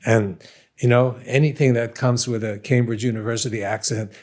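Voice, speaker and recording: Older Brooklyn man, unhurried scientist. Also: medium pitch, fairly even intonation, darkish tone. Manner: thoughtful, self-deprecating, laughs easily. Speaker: scientist guest. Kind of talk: conversational interview.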